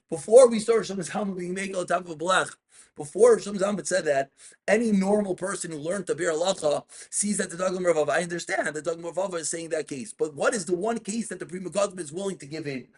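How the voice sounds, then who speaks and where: Excitable rabbi with a high voice. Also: male voice, husky. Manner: reads Hebrew texts aloud and explains them, asks students questions. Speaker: rabbi teaching Jewish law. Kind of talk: in-depth study class.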